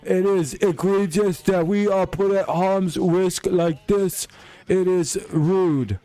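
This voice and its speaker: Man putting on a whiny crybaby defender, high pitched, slow, drawn-out, mocking. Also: steady tone, dark tone. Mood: whining. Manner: whining, slow and exaggerated. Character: whiny self-pitying male football defender.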